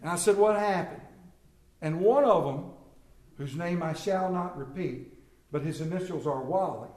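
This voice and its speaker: A man's voice: fairly high pitch, moderate pace, a little mellow, echoey room. A middle-aged man preaching a humorous sermon to a congregation, telling family stories with jokes and asides. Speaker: pastor. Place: church sanctuary.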